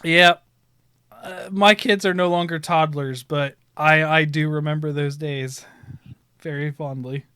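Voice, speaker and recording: Animated man telling stories with bright tone. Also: fairly high pitch, a little slow, smooth, dry recording, clean studio sound. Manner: animated storyteller, laughs often. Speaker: stream host. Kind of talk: casual chat.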